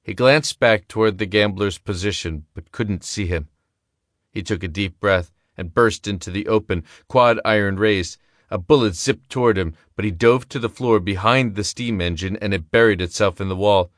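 A man giving steady, measured scripted narration of a story. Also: fairly low pitch, dry recording, studio quality. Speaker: audiobook narrator.

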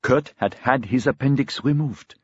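A man's voice: mid-range voice, moderate pace, husky, dry recording, muffled recording, pitched above the performer's own voice, lightly acted. A man voicing a young woman who is earnest and suspicious, her voice shaky. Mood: uneasy.

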